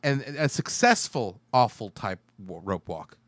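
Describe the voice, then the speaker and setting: A man's voice: on the low side, animated, a little slow, fairly bright tone, dry recording. A man co-hosting a film podcast, talking casually and acting out his own reactions with exclamations. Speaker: podcast co-host.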